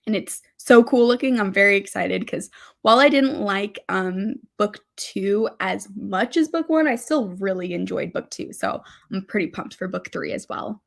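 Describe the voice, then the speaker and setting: A bubbly young woman chats casually on a livestream, her pitch sitting in an ordinary middle range. She talks to viewers through a computer mic, reading out their comments in a chatty way. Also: lively intonation, moderate pace, gravelly. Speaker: livestream host.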